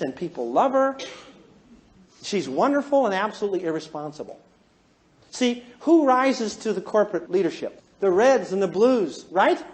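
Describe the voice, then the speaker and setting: A man counseling and teaching a live class in a joking, animated way, often asking the audience questions. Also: very high voice. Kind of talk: humorous lecture to a live class.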